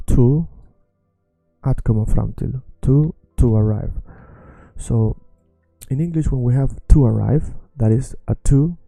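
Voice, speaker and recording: Man, language teacher, patient repetition, dark gravelly voice, dry close sound. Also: on the low side, no echo. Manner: patient, repeats phrases slowly. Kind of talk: bilingual language lesson.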